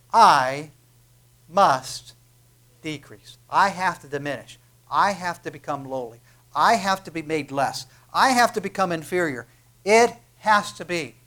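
A male preacher with a high-pitched voice delivering a sermon. He asks the room question after question and leans hard on his key words. His delivery swings from near-whispers to booming repetition. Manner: emphatic, swings from hushed to booming, rhetorical questions.

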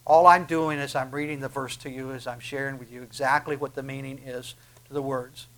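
A man's voice: medium pitch, fairly even intonation, fairly quick, a bit bright. A man preaching a sermon, fervent and swelling to emphatic peaks, with frequent restarts.

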